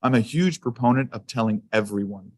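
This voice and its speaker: A man of middle pitch gives a school safety presentation, mixing guidance with personal stories. He talks casually, with plenty of "um"s and small restarts. The sound is dry and close, with hardly any room in it. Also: brisk, dry recording. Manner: conversational storytelling with fillers. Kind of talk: anecdotal presentation to a council.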